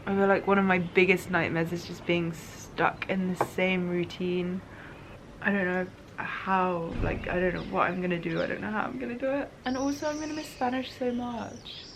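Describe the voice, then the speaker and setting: A woman's voice: lowish voice, steady tone, normal speed, noisy background. A young woman in her twenties, talking through her thoughts in a reflective, emotional diary-style vlog. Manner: emotional, musing, tearful at times. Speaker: vlogger.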